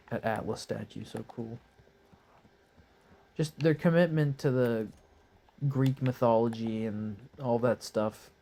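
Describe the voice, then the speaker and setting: Hoarse and congested, a young man offers relaxed, meandering live commentary on a game from his bed, cursing casually along the way. This gaming commentator's voice is lowish and darkish, with a little background noise.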